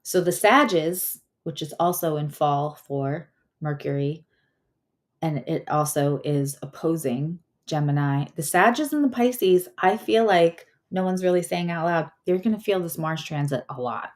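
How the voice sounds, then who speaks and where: A woman's voice: deep voice, a little slow. A woman giving a casual astrology and tarot reading, chatty and rambling, often correcting herself mid-sentence.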